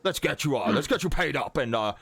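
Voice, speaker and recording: A man's voice: a little high, animated, quick pace, vocal fry, a bit bright, breathy edge, dry recording, pitched above the performer's own voice, heavily acted. A man voicing a cheerful, fussy older bird-folk magistrate who stammers eagerly. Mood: pleased.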